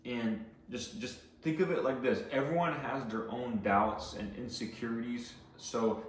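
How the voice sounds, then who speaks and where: A man's voice: mid-range voice, measured pace, a little hiss or hum. A man giving casual sales training, rambling with many fillers and restarts. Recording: echoey room, voice from a distance.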